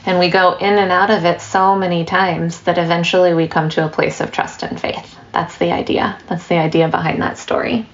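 A woman giving a dharma talk as a meditation teacher, relaxed and storytelling, with light laughs and asides. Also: on the low side, a little fast, few pauses, dull audio.

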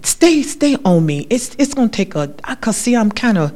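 A woman's voice: on the high side, sing-song, moderate pace, warm tone. Emphatic woman giving church testimony. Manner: emphatic, repetitive, conversational.

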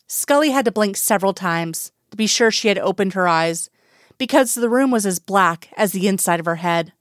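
A woman reading a story aloud in calm, even narration. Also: medium pitch, normal speed, no echo, studio quality. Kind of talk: audiobook narration.

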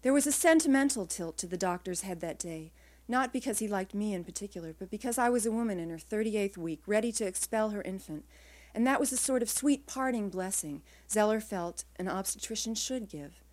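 A woman's voice: medium pitch, lively intonation, brisk, darkish tone. Woman author reading first-person prose. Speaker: author reading her work. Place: live reading event.

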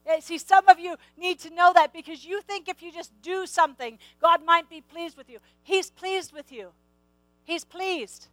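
High-voiced woman preaching emphatically. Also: a bit bright, no room sound, poor audio. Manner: emphatic, repeats key phrases, asks the audience questions. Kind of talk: sermon.

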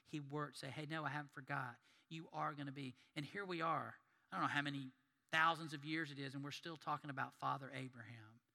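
A man's voice: a little high, creaky, bright, forceful tone, in a large hall. A man preaching a sermon as pastor in a church, emphatic and folksy, repeating his phrases. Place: church sanctuary.

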